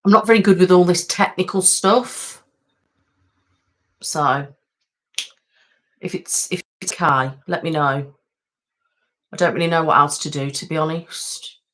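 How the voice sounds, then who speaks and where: On a home webcam, this ASMR host from the West Midlands talks in a low, unhurried voice with long pauses and her local accent. Her live-stream chat is casual and self-mocking, full of ums.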